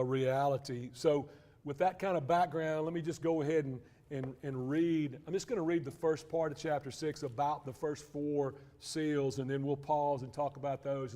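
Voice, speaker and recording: A man's voice: mid-range voice, dark tone. A man teaching a church Bible class in a conversational way, with frequent restarts and asides.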